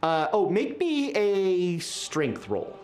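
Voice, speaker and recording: A woman running a tabletop horror game as game master, narrating scenes in a descriptive, unhurried way and laughing often. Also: on the low side, wildly swooping pitch, darkish tone, faint music behind.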